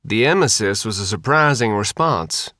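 A man's voice: fairly low pitch, lively intonation, normal speed, pushed and bright, no room sound, clean studio sound. A man reading an audiobook, voicing a cheerful, eccentric doctor who calls himself a mad scientist. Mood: gleeful. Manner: gleefully detached.

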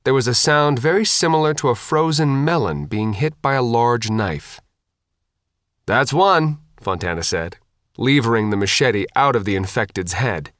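A man narrating an audiobook, with an expressive, varied reading. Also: mid-range voice, normal speed, no room sound, studio quality.

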